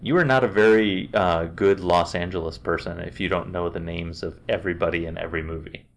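A man's voice: low voice, fairly even intonation, brisk. A man with a Canadian accent chatting casually on a podcast, teasing his friend and laughing often. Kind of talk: casual chat.

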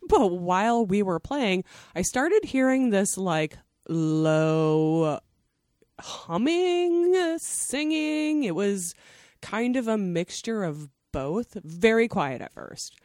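Animated woman telling a story, swearing. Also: mid-range voice, very slow, no echo, clean studio sound. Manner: animated, swears and says "like" a lot. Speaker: podcast guest. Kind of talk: casual storytelling.

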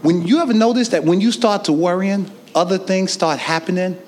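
A man a sermon, calling out to his congregation and swinging from shouted lines to hushed ones. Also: high-pitched, brisk. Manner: call-and-response preaching, swinging from shouts to near-whispers. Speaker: preacher. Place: church sanctuary. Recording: long reverb of a large hall.

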